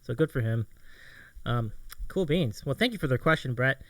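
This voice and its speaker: A man's voice: medium pitch, animated, moderate pace, fairly bright tone, dry recording. A man hosting a casual interview chat, upbeat and self-mocking, laughing often. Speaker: talk show host.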